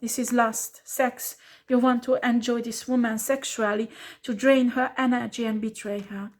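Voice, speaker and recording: A woman with a fairly high voice delivers a tarot reading as a blunt scolding. She swears freely and hammers home her points with repeated rhetorical questions. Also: flat delivery, moderate pace. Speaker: tarot reader.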